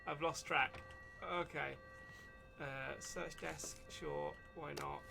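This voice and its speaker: A man's voice: fairly high pitch, level tone, slow pace, vocal fry. A man streaming a video game live, chatting and laughing through rambling commentary on his play. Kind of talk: casual live-stream chat. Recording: game music under the voice.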